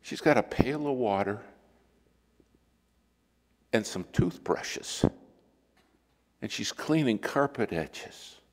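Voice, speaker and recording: A man preaching a sermon in a church, telling stories and acting out the quotes with lively shifts of voice. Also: mid-range voice, slow, pauses often. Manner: storytelling with lively acted-out quotes. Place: church sanctuary. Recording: long hall reverb.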